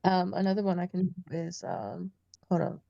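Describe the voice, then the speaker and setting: A woman's voice: lowish voice, fairly even intonation, moderate pace, creaky, dark tone, dry recording. A woman co-hosting a casual podcast, playful and a little sick. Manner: playful, does funny voices. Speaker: podcast co-host. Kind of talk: casual chat. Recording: dull lo-fi sound, dry room.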